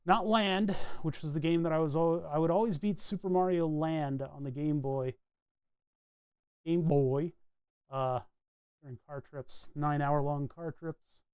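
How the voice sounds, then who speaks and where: A New England electronics hobbyist streamer talks his way through his soldering, chatty and rambling, musing aloud over each connection. His slightly high voice for a man is clear and resonant, a little slow, and the recording is dry and close with almost no room echo.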